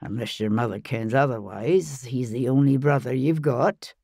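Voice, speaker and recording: Woman voicing a dry, gruff Scottish Highlander. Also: normal speed, warm tone, no echo. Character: weary Highland husband, dry and stoic. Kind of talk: audiobook character voice.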